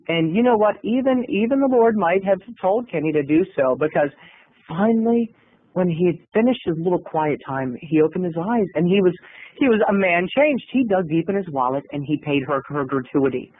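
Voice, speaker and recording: Campy high-voiced man telling a story. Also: breathy edge, no room sound. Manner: campy, theatrical, flamboyant. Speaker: video blogger. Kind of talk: comic storytelling to camera. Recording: tinny phone-like sound.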